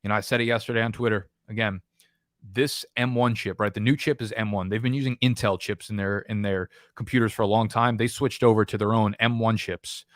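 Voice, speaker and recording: Brief: male fantasy football streamer, New York-area accent, lowish voice, blunt and profane, dry close sound. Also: no room sound. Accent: New Jersey/New York. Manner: profane, emphatic, rambling. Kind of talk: casual live stream chat.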